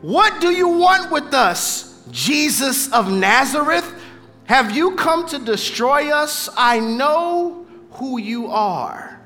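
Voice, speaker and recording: Man doing a screaming male demon, high strained shouts, echoey hall, faint music. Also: sing-song, slow, full character voice. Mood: frantic.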